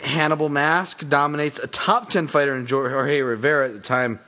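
A man's voice: fairly high pitch, steady tone, normal speed, pushed and bright. Profane, rambling male podcast host. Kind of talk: casual sports podcast chat.

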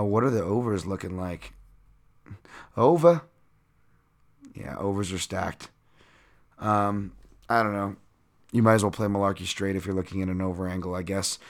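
A man hosting a solo podcast, talking casually and rambling with lots of fillers and self-mocking asides. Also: lowish voice. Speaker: podcast host and betting analyst.

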